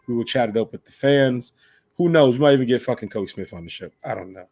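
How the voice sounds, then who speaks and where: A man's voice: medium pitch, expressive, fast talker, a little mellow, slightly rough. A man hosting a casual sports podcast, boisterous and profane, telling dad jokes to his co-hosts. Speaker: podcast host.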